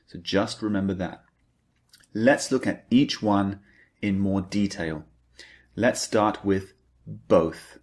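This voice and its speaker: A man teaching an English grammar lesson, who repeats key points and stresses the target words. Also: lowish voice. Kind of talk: slow, deliberate grammar lecture.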